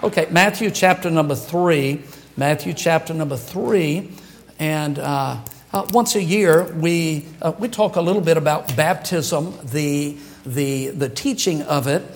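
A man's voice: fairly high pitch, unhurried. A male pastor preaching a sermon to his congregation, conversational and jokey, chuckling at his own asides. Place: church sanctuary.

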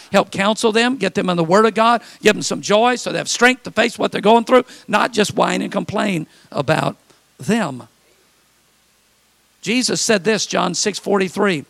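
High, gravelly preaching man. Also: a bit bright, dry recording. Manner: preaching with mimicked complaining voices. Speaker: pastor. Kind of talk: sermon.

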